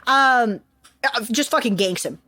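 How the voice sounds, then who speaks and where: A woman's voice: mid-range voice, normal speed, dry recording. A woman co-hosting a podcast, retelling history casually with lots of swearing and jokes. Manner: profane, animated, jokey retelling. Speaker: podcast co-host.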